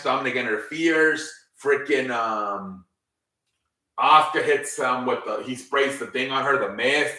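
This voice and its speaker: Guy rambling thru a wrestling recap, lots of ums n swearing, bright voice, roomy echo. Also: mid-range voice. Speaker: wrestling show recap host. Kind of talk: casual solo recap. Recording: echoey room, distant mic.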